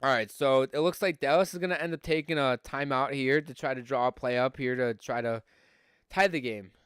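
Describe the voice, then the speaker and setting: A man's voice: medium pitch, a little fast, a bit bright, smooth, dry recording, studio quality. A young man from Buffalo with a Western New York accent, a podcast host doing casual live hockey play-by-play on a stream, chatty with fillers and rising on scoring chances.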